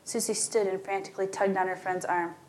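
A woman narrates a story at an even middle pitch. She reads at a steady pace and lifts her voice in pitch and volume whenever a character speaks. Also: fairly quick. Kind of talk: audiobook story reading.

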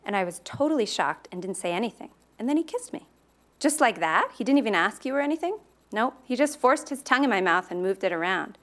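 A woman reading aloud from her own novel, with relaxed, hesitant asides between passages. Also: medium pitch, fast.

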